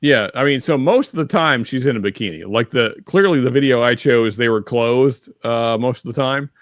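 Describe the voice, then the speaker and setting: A man's voice: mid-range voice, normal speed, no room sound. A man chats loosely as a podcast co-host, his talk full of restarts and fillers as he rambles along. His voice sits in a middle register. The sound is dry and close, with no room around it. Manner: reads viewer chat aloud. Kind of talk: casual chat.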